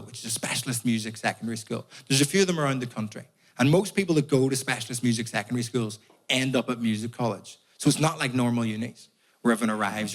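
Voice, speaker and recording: A young man from Northern Ireland with a Belfast accent, telling stories in a stand-up set and swearing freely. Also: medium pitch. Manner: swearing, storytelling. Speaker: stand-up comedian. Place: comedy club stage. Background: audience laughter.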